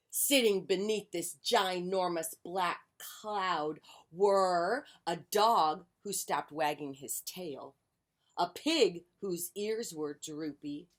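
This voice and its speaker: Slow, low-voiced woman reading a story. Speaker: children's story reader. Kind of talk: reading a picture book aloud. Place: on a porch outdoors.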